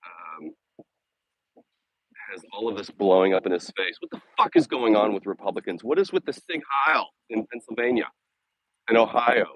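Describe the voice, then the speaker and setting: This man's voice is fairly low and a bit bright, moving at a moderate pace with no echo. He's live-streaming a walk with his dogs outdoors on a city walking path, speaking bluntly and casually with sarcasm and frequent swearing.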